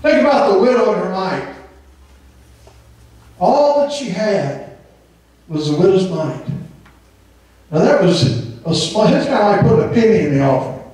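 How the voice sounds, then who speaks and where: A man's voice: high-pitched, expressive, normal speed, long pauses, a little mellow. A man, preaching a fervent sermon full of amens and occasionally singing a phrase. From Southern Indiana. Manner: fervent, emphatic preaching with frequent amens, breaking into sung phrases. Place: church sanctuary. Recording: echoey church hall from far off.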